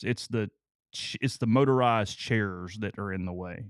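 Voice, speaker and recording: A man's voice: fairly low pitch, measured pace, clear, resonant tone, no echo, clean studio sound. Man telling travel stories, stammering. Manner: stammers on repeated words, tells stories at length. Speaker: co-host. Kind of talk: casual chat.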